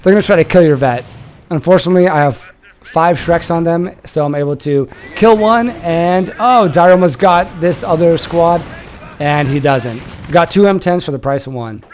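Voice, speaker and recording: A young man shoutcasting a strategy game he played in, casual and animated, swearing and laughing. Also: on the high side, moderate pace, slight background noise.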